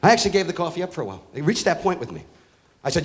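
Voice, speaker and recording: A man's voice: on the high side, very animated, racing. Profane ranting male stand-up comic. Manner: profane ranting with rising shouted outbursts. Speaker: stand-up comedian. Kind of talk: stand-up comedy routine. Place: live comedy venue with an audience. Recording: live stage recording with faint crowd and noise.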